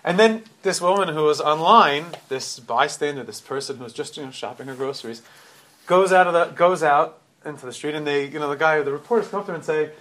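A man's voice: fairly high pitch, a little fast, fairly bright tone. A middle-aged man giving a storytelling sermon, retelling events animatedly with frequent restarts and repeated words.

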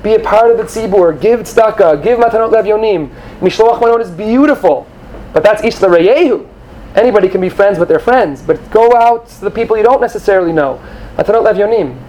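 A man giving an animated sermon to young students, acting out quoted voices and sprinkling in Hebrew terms. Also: sits high, a little fast, slight background noise, rough recording. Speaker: rabbi or teacher addressing students.

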